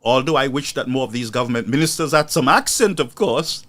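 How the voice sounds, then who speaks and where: A man's voice: mid-range voice, brisk, fairly bright tone. A man delivering indignant, mocking political commentary as a news show host.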